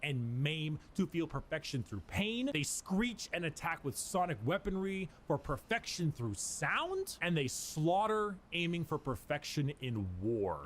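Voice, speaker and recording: A man's voice: a little high, a little hiss or hum. A man narrating a scripted comedic lore video with a playful, sardonic delivery.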